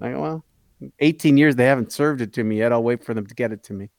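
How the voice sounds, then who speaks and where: A man's voice: mid-range voice, fast talker, no room sound, studio quality. A Canadian man co-hosting a radio morning show, telling stories in casual chat and acting out both sides of each exchange. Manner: animated, acts out both sides of his stories.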